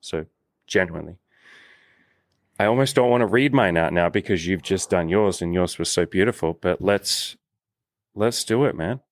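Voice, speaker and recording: A man, a coach hosting a casual conversation, speaking in an earnest, affirming and measured way. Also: sits low, no room sound, studio quality. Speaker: dating coach and host.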